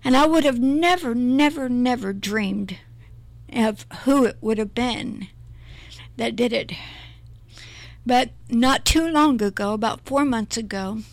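A woman's voice: fairly high pitch, takes it slowly, no echo. A middle-aged woman minister giving an earnest, emotional personal testimony in an interview, often repeating herself.

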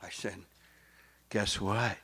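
Bright-voiced male pastor preaching. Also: lowish voice, steady tone, slow pace, husky. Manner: emphatic preaching, swinging from soft to loud. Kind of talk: sermon.

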